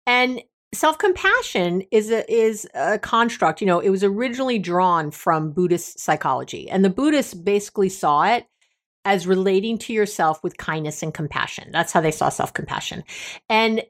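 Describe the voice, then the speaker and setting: A woman's voice: mid-range voice, expressive, moderate pace. A middle-aged woman hosting a self-help podcast, talking in a casual, emphatic and playfully bossy way, laughing often. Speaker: podcast host.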